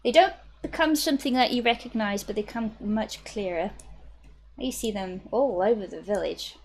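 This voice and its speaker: A woman narrating a tabletop game as game master, pausing and restarting her sentences often. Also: medium pitch. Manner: halting, lots of fillers and restarts.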